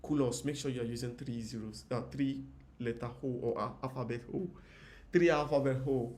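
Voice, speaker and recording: A man's voice: medium pitch, steady tone, brisk, a little mellow, slight background noise. Chatty male design tutor. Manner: chatty, repeats phrases, talks to viewers in comments. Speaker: UI designer teaching. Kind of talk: casual live design tutorial.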